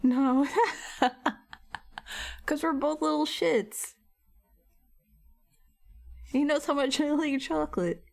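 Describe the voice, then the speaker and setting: A chatty young woman with a slightly high voice talks casually to her stream chat while she paints. She greets viewers by name and giggles often, speaking into a desk mic at home. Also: steady tone, slow pace, vocal fry, long pauses, darkish tone, soft background music.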